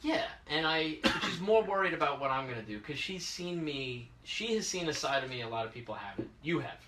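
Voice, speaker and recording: A man telling a story in casual podcast chat, animated and acting out the people in it. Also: fairly high pitch, brisk, distant mic. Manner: animated, acts out quoted voices. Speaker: podcast host. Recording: echoey room, away from the mic.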